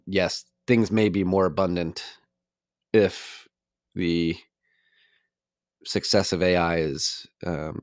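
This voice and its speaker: A man with a very low voice full of vocal fry, chatting casually as a podcast host. He muses in a wry, loose way. The sound is dry and close. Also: dry recording.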